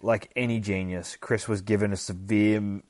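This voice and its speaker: Guy reading sad young dude's eulogy, slow, lowish voice, dry sound. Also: fairly even intonation, darkish tone, no room sound, close to an everyday voice. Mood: solemn. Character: grieving young man giving a eulogy.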